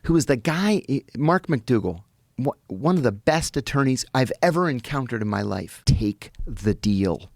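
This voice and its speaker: A man from the United States with a gravelly, fry-laden voice recounts events as a podcast guest, slipping into the voices of people he quotes. The sound is dry and close, with no room around it. His pitch sits in an ordinary middle range. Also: moderate pace, no room sound. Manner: animated storytelling, acting out quoted people. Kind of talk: storytelling in a podcast interview.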